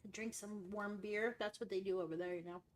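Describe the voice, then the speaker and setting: A woman's voice: mid-range voice, steady tone, brisk. A woman hosting a casual stream chat, talking in a rambling way with lots of "like" and "um". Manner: chatty, rambling, heavy use of "like" and "um". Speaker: streamer host.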